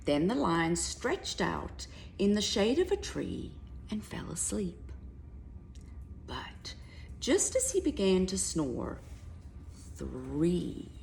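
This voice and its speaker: A woman reading a children's picture book aloud to a child, narrating softly and often dropping to a whisper. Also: deep voice, vocal fry, slight background noise. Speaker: reader to a child.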